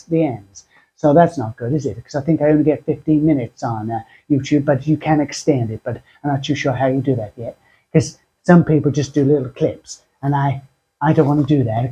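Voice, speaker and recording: A man hosting a craft tutorial, chatty and self-deprecating, speaking in a husky put-on voice that sounds like a sore throat. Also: mid-range voice, warm tone, muffled recording. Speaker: craft channel host.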